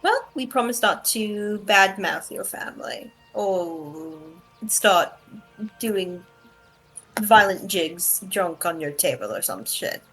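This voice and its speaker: A woman's voice: medium pitch, expressive, slow pace, a bit bright, soft background music, poor audio. A woman playing in a tabletop game, joking and wisecracking in casual chat. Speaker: player.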